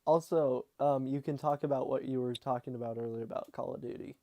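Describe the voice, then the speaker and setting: A man's voice: mid-range voice, steady tone, fairly quick, vocal fry, dry recording, dull audio. A man hosting a casual podcast, laughing often and steering the talk. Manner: giggly, leads the talk. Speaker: podcast host. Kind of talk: casual chat.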